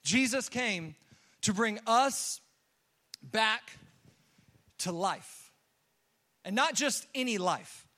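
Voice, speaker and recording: A young man preaching a sermon, telling a story with lively acted-out quotes and casual fillers. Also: high-pitched, drawn-out words, pauses often. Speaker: pastor.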